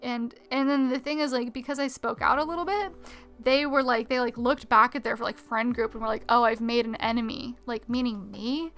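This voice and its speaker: A woman with a slightly high voice talks casually to her chat while she draws. She tells her story in a rambling, animated way, full of fillers. Quiet music plays faintly in the background. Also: normal speed. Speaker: art streamer. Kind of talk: casual live-stream chat while drawing.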